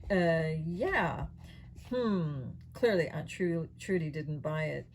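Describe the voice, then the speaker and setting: A woman reading a children's mystery novel aloud in an expressive, steady storytelling voice. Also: low-pitched, a little slow, a little hiss or hum, low-quality recording. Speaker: audiobook reader.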